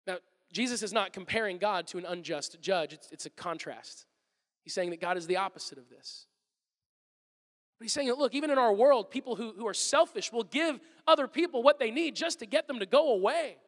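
A high-pitched male pastor in his thirties speaks briskly through a conversational sermon, acting out everyday vignettes with animation. The sound is that of a big room.

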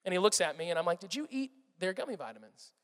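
A man in his thirties preaching a sermon, telling animated family stories and acting out his children's voices. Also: high voice, fast talker. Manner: animated storytelling, acts out his kids' voices. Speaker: pastor. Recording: reverberant hall sound.

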